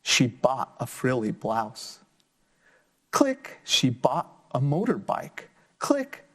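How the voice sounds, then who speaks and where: A man reading a children's picture book aloud for a class lesson. He talks slowly and leaps high in pitch on the playful sound words. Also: slightly rough. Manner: expressive storybook reading with big pitch jumps on sound words.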